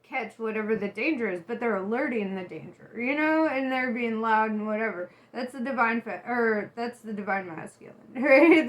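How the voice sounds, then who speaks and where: A woman giving a casual tarot reading to her viewers, chatty and animated, who laughs often and swears freely. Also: a little high. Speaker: tarot reader.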